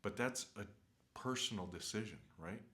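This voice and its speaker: Low-voiced rambling man, unscripted vlog. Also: normal speed, a bit bright. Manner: rambling, many fillers and restarts; earnest, opinionated. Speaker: travel vlogger. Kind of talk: casual unscripted rant. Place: hotel room.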